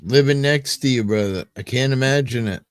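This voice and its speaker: A man's voice: mid-range voice, brisk, dry recording. A man hosting a casual chat, teasing the others in a drawling way. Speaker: host.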